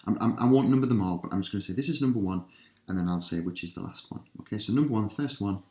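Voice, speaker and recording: A male teacher giving a recorded listening lesson, reading out vocabulary slowly and clearly with patient instructions. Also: lowish voice, mellow, roomy sound. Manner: slow, clearly spaced word drills with patient instructions.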